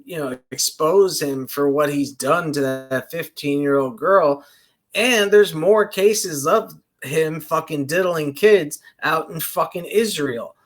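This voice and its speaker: A man's voice: a little high, a bit bright. A man streaming a reaction, ranting angrily with constant swearing in a loose, rambling way. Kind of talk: profane reaction rant.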